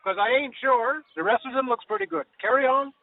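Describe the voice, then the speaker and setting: An actor playing a cheerfully clueless backwoods man who rambles in rural grammar and whoops between sentences. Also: fairly quick. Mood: rambling. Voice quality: high squeaky voice with folksy "whoop" exclamations. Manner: rambling rural grammar, says "ain't" and "yonder". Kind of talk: improvised comedy character. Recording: tinny phone-like audio with faint hiss.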